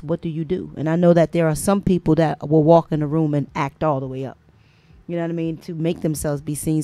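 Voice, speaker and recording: A woman's voice: low-pitched, dark tone, no echo. Slangy woman radio host, dry mic. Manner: loose, slangy, drawn-out delivery. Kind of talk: casual call-in radio chat.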